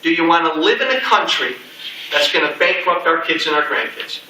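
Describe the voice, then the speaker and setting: This middle-aged political speaker, fairly high and sharp-toned, talks a little fast with lively intonation as he rallies a crowd with slogans and homespun asides. The distant mic catches echo from the meeting room plus a faint hiss or hum.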